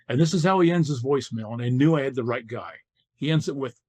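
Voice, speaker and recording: A man's voice: medium pitch, a little fast, darkish tone. An older man from California, a former football player, telling his story as a podcast guest and acting out the dialogue he quotes.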